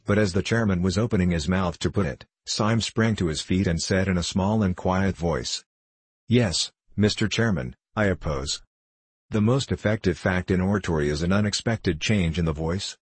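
A man reading an audiobook in measured, scripted narration. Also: low-pitched, a little mellow, husky, no echo.

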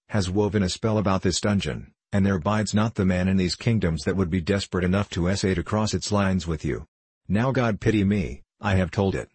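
A man voicing a timid, frightened young page who speaks in old-fashioned, pleading words, in the reader's own low, husky voice. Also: a little mellow, dry recording.

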